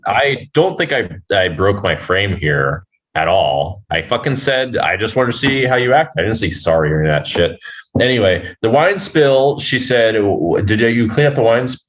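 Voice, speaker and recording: A man telling a personal story as a podcast guest, halting and rambling, swearing freely. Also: deep voice, highs cut off. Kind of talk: casual storytelling.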